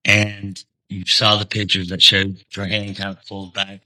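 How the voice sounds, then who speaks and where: Brief: male defense attorney, measured probing questions, low tense voice. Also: monotone, sharp tone, low-quality recording. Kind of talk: courtroom questioning.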